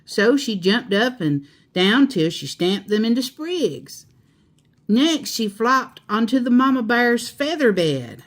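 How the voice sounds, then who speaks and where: A woman reading a children's picture book aloud in a slow, expressive storyteller voice. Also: a little high. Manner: slow, expressive, laughing asides.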